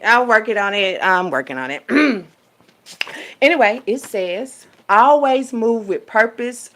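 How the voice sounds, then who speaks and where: A woman's voice: lowish voice, gravelly, a bit bright, a little hiss or hum. A woman talking casually and rambling to her viewers, reading aloud. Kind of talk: casual monologue.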